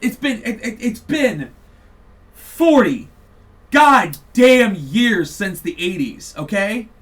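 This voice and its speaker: A man's voice: high voice, sing-song, slow, a bit bright, distant mic. A man hosting a podcast, launching into a heated, profane, mocking political rant. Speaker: podcast host.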